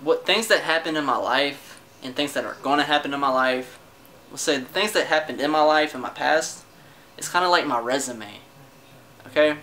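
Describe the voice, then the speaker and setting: A man's voice: on the high side, normal speed, sharp tone, low-quality recording. Frustrated, swearing young man venting on camera. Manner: frustrated, defensive, swears often, trails off and restarts. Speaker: vlogger. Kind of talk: casual personal rant to camera. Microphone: camera mic.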